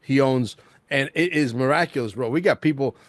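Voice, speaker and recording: A male host in casual interview chat, excitable and rambling, peppering his talk with "bro" and "like". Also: mid-range voice, a little fast, dry recording.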